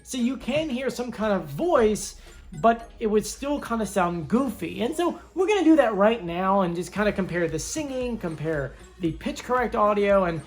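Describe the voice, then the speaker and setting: A woman's voice: mid-range voice, animated, normal speed, soft background music. A woman hosting a casual commentary video, chatting and thinking aloud as she weighs up her guesses. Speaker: video host.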